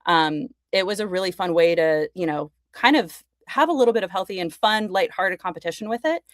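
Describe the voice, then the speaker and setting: A woman's voice: lowish voice, animated, fairly quick, no echo, clean studio sound. A young woman guest on a podcast, chatting eagerly about her work, with lots of likes and you-knows. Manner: enthusiastic, chatty, many fillers. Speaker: podcast guest, fashion content creator. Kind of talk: casual conversation.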